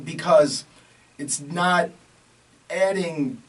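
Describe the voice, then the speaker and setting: A man co-hosts a casual podcast and goes on emphatic, rambling rants. His voice is a bit high, and he is heard from some distance off the microphone. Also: extremely slow. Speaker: podcast co-host.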